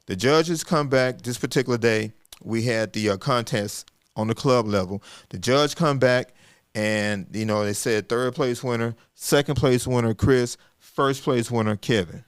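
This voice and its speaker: A middle-aged man tells stories in a folksy, animated manner, often acting out bits of dialogue. His voice sits at a medium pitch, and the recording is dry and close, with no room sound. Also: a little slow, clear, resonant tone, no room sound. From Arkansas, US. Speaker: podcast host and guest speaker. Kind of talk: casual storytelling conversation.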